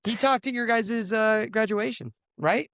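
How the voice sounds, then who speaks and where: A man's voice: measured pace, no echo. A man in his thirties, a former teacher, telling stories in a casual chat and acting out what others said. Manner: animated storyteller, acts out quotes with raised pitch.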